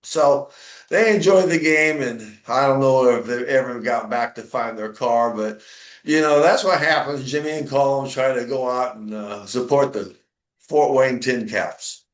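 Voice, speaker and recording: A man's voice: mid-range voice, unhurried. Chatty man telling a comic tale, echoey. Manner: chatty, filler-heavy telling. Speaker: podcast co-host. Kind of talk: comic storytelling.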